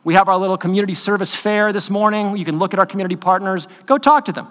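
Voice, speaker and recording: A man preaching a sermon as pastor, talking in a conversational, animated way with quick asides to the congregation. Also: high voice. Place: church sanctuary. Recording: long hall reverb in a church.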